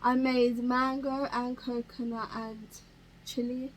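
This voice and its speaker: A woman's voice: on the high side, level tone, slow, background noise. A woman from England, bantering casually and playfully off to the side of a vlog.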